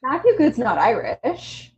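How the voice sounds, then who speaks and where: A woman's voice: a little high, huge pitch swings, a little slow, poor audio. A woman co-hosting a casual podcast, talking emphatically and laughing often. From Canada. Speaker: podcast co-host. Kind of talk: casual chat.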